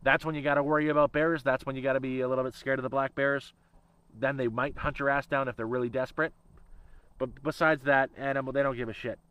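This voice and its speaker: A man's voice: medium pitch, steady tone, fast, a bit bright, smooth, dry recording, low-quality recording. A man rambling in a casual livestream chat, swearing freely and laughing often. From Canada. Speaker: channel host.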